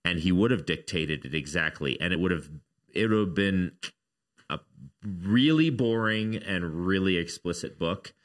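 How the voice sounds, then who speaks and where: A man's voice: deep voice, animated, moderate pace. A man co-hosting a casual faith discussion, arguing his point in an earnest, reflective way.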